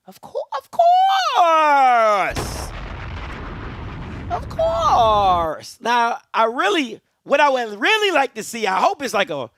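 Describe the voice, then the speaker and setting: A man hosts a game watch party, talking trash in loose slang. His voice leaps wildly up and down in pitch. The sound is dry and close, with no room around it. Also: a bit bright, no room sound. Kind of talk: casual live game reaction.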